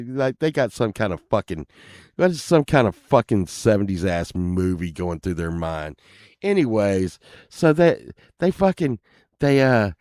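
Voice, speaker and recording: A man's voice: mid-range voice, dry recording, clean studio sound. A man telling a story casually, rambling and cursing often, laughing at himself as he goes.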